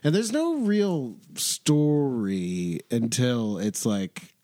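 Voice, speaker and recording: A man's voice: mid-range voice, lively intonation, warm tone, no echo, clean studio sound. A man co-hosting a podcast, chatting casually about a movie, teasing his co-host and laughing often. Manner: joking, laughs often, quick teasing questions. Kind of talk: casual movie-review chat.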